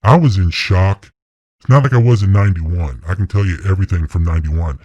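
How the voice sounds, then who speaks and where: A middle-aged man, an interview guest, telling his hunting story in a blunt, excited way and swearing freely. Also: deep voice, fairly quick, no echo, dull audio. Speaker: interview guest, deer hunter. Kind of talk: casual storytelling.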